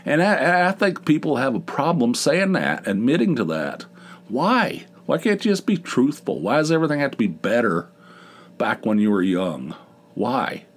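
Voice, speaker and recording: A man with a mid-range, sing-song voice talks at a normal speed while hosting his own podcast. His monologue is casual, rambling and self-deprecating, delivered in a big dopey voice with many restarts.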